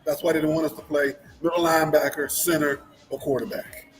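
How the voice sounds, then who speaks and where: A man co-hosting a sports talk show, with rambling, halting speech full of repeated words and restarts. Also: on the high side, little pitch movement, soft background music, low-quality recording. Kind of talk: casual sports chat.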